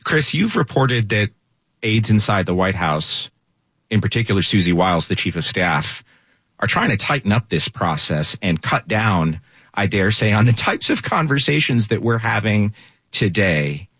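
A man's voice: fairly low pitch, expressive, normal speed, fairly bright tone, husky, no echo. A man anchoring a news panel, setting up stories and leading questions to his guests.

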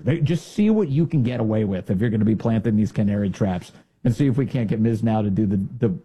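A man's voice: mid-range voice, warm tone, husky. A man hosting a political commentary show, talking in a sarcastic, mocking way and mimicking others in silly voices.

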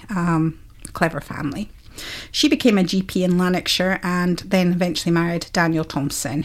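Chatty woman radio presenter, lowish voice. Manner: chatty, self-correcting with fillers. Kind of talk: casual radio history segment.

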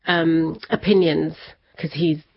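A woman's voice: low-pitched, steady tone, slow pace, vocal fry, breathy edge, no room sound. A woman guest in an interview, telling a personal family story in a chatty way and laughing often. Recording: slightly dull lo-fi sound.

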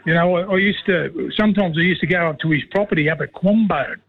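A middle-aged Australian man calls in to a radio show over a thin, tinny phone line. His voice sits fairly high for a man. He rambles from one yarn to the next and drops "mate" into almost every sentence. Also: fast, slightly rough. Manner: rambling storyteller, says "mate" constantly. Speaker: guest, former player and commentator. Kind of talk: casual radio chat by phone.

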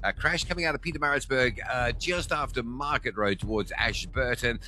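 Bright, brisk traffic man. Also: mid-range voice. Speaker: traffic reporter. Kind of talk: radio traffic report.

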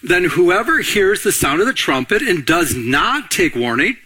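A middle-aged man preaching a sermon as pastor, energetic, throwing questions to the congregation to answer. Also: high-pitched, unhurried, breathy edge.

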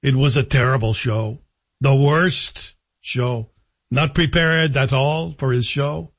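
A man's voice: mid-range voice, fairly even intonation, slow pace, husky, dull audio. A man voicing his elderly mother-in-law, an eighty-something woman, in a put-on Quebec French accent, talking in a blunt, mock-insistent way. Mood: dismissive. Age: 80s (figure).

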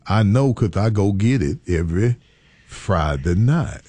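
Animated man telling a story. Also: on the low side, measured pace, no echo. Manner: animated, breaks into laughter, drawling Southern vernacular. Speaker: storyteller in a two-person chat. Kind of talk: casual comic storytelling.

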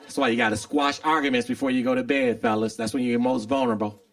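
A man doing a stand-up comedy set, animated and acting out little scenes. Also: mid-range voice, fast, some chatter behind. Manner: animated, acts out voices with shouted bits.

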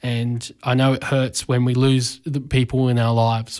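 A man, hosting a community radio talk show, speaking emotionally and haltingly with many fillers and restarts, his voice breaking with grief. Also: mid-range voice, level tone, a little mellow. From Australia. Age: 20s. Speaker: radio host.

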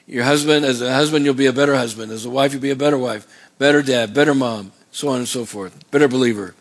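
A man's voice: mid-range voice, fast. A man preaching a sermon as pastor, emphatic, asking the congregation to answer back. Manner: preaching with call-and-response questions; emphatic, rising on exhortations.

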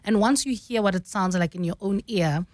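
A woman's voice: medium pitch, brisk, a little mellow, dry recording. A woman, a radio news anchor explaining her craft in an easy, explanatory way. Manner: explanatory, uses "you know" often. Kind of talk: studio radio conversation. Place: radio studio.

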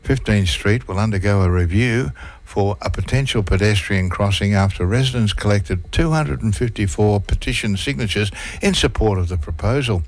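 A man reading local newspaper articles aloud on radio, stumbling and restarting words now and then. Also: lowish voice.

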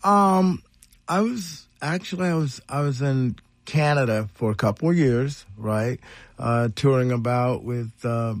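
A man's voice: medium pitch, unhurried, no echo. An older man from Ohio, a guest musician chatting in a radio studio, rambling and telling stories with lots of fillers. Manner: rambling storyteller, many fillers, acts out voices. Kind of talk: casual radio interview chat.

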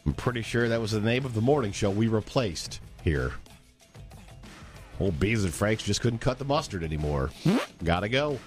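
A man's voice: on the low side, big pitch swings, moderate pace, faint music behind. A man hosting a radio morning show, wisecracking playfully while running through the day's items. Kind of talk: casual chat and news rundown. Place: radio studio.

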